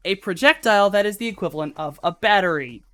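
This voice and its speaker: A woman running a tabletop game as game master, narrating the action in a loose, profane way with many pauses. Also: medium pitch, animated, fairly bright tone, faint music behind. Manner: loose and profane, halting with fillers.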